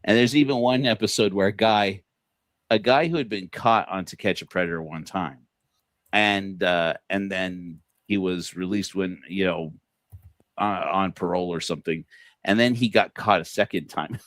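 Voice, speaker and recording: A man's voice: low-pitched, moderate pace, fairly bright tone, dry recording. A man hosting a casual livestream, rambling with many fillers and restarts and laughing at his own jokes. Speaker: podcast host.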